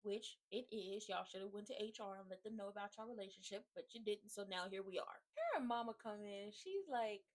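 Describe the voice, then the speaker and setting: A woman content creator giving casual, animated, slangy commentary while recapping a TV drama. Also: medium pitch, brisk, hardly any pauses. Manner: chatty, animated, slangy, acts out characters' lines.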